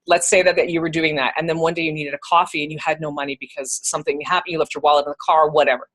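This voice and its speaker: A woman leading a spiritual group discussion, calmly coaching others with reflective questions. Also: deep voice, rapid-fire.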